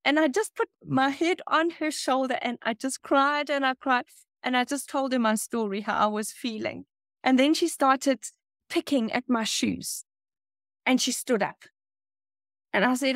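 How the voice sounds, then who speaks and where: A woman's voice: high-pitched, measured pace, fairly bright tone, no room sound, studio quality. A woman guest from South Africa telling a personal faith story, emotional and laughing often as she talks.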